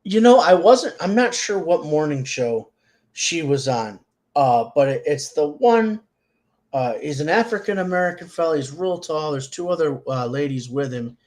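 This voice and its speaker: A man's voice: on the high side, expressive, moderate pace, a little mellow. A man co-hosting a podcast, joking around in casual chat. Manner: joking, goofy. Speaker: podcast co-host.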